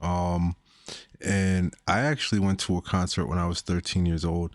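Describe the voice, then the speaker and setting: Deep dry-sounding man asking teasing questions. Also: little pitch movement, normal speed, dry recording. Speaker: podcast co-host. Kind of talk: casual podcast chat.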